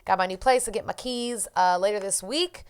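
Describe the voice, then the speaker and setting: A woman hosting a casual podcast in a smooth, resonant voice. She is playful and quick to laugh, and she moves the talk on to each new topic. She is from the United States. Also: medium pitch. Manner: playful, laughs easily, steers to the next topic. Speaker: podcast host.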